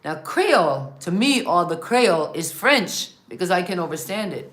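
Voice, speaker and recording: A woman's voice: lowish voice, very animated, normal speed, a bit bright. A woman hosting an interview in casual chat, asking long, rambling questions. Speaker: interview host.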